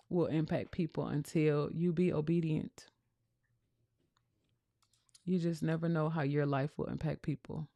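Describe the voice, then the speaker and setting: A woman talks on a casual livestream, her voice sitting fairly low. She coaches and preaches to her viewers. The sound is dry and close. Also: warm tone, no echo. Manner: preachy, addresses viewers as y'all. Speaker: dog breeder and business coach.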